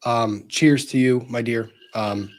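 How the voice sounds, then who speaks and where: A man's voice: mid-range voice, fairly even intonation, takes it slowly. A man hosting a casual livestream, earnestly thanking viewers as he reads out their super chats.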